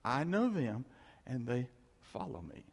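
A man's voice: medium pitch, big pitch swings, measured pace, gravelly, breathy edge, long reverb tail. A man preaching a sermon in a conversational way, laughing now and then and hammering points with repetition. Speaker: pastor.

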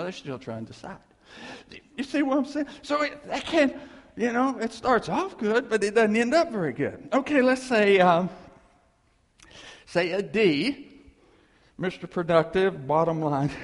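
Male seminar speaker, high and very lively voice, acts out his examples. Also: in a large hall. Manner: animated, jokey, acts out characters. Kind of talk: lively lecture with acted examples.

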